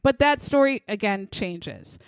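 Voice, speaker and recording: Woman co-host, mid-pitched, blunt and profane, acts out quotes; dry, close recording. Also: lively intonation, unhurried, clear, resonant tone, no echo. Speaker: podcast co-host. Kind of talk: casual true-crime chat.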